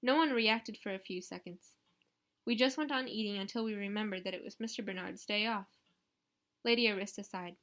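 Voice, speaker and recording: A woman narrating a novel in the first person with steady, even reading. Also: mid-range voice, normal speed. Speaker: audiobook reader.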